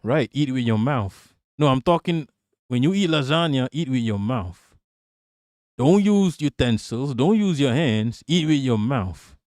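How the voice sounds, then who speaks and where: A man's voice: mid-range voice, expressive, measured pace, a little mellow, dry recording, studio quality. A man hosting a live stream, joking crudely and answering viewers by name in casual chat.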